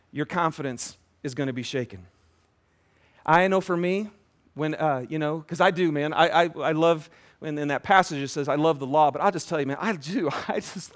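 Male pastor, sermon, conversational, quick asides to the congregation, high-pitched. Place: church.

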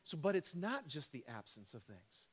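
Man, high-pitched, preaching, animated, casual "you guys" address, loud then hushed. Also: moderate pace, breathy edge. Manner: animated, swings from loud excited questions to hushed emphasis. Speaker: pastor. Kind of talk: sermon.

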